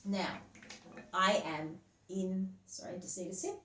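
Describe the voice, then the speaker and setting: A woman's voice: medium pitch, fairly even intonation, slow, pushed and bright. A woman music teacher patiently explaining things step by step and counting beats aloud at a whiteboard. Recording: roomy, distant mic, faint hum.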